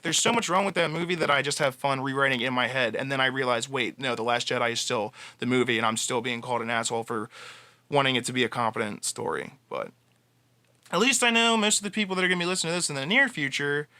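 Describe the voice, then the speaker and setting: A man's voice: a little high, pushed and bright, dry recording. A man giving a casual fan monologue, passionate and rambling, with frequent restarts. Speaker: fan commentator.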